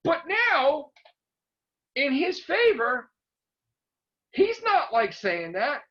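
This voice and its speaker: A man's animated profane rant, lo-fi. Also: very high-pitched, very slow. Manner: profane, excitable, rambling. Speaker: YouTube vlogger. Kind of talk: casual rant to camera. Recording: dull lo-fi recording.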